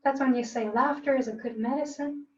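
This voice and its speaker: A woman tai chi instructor leading an online breathing lesson in a calm, coaching way, with demonstration gasps and laughs. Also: high-pitched, fairly quick. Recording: roomy, distant, dull, faint hiss.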